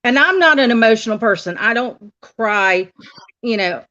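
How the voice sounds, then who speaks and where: A woman's voice: on the high side, animated, moderate pace, pushed and bright. A woman from the United States chatting casually on a live stream and telling stories, laughing often. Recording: dull, lo-fi stream audio.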